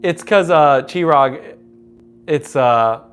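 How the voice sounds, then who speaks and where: A man hosting a casual livestream, teaching relative pitch by humming and singing intervals and chatting with viewers. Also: drawn-out words, slight background noise. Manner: hums and sings intervals to demonstrate; chats with viewers. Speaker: livestream host and music teacher.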